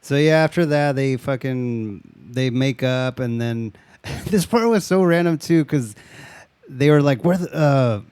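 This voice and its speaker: A man talks through a film's plot in casual conversation, laughing often and acting out the characters' lines. His voice sits at a middling pitch, recorded dry and close. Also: measured pace, a little mellow, clean tone, no room sound. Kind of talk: casual movie recap chat.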